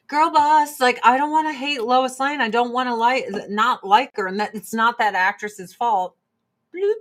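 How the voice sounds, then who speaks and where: Slow-talking woman in casual stream chat. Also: fairly bright tone. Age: 40s. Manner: chatty and profane, answering chat between product pitches. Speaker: livestream host and Avon seller.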